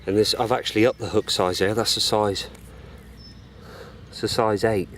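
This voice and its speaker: A man, chatting casually while fishing outdoors by a lake and explaining his steps as he goes, sometimes whispering to stay quiet. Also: fairly low pitch, steady tone, moderate pace, a little hiss or hum. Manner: whispers to keep quiet by the water. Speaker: fishing vlogger.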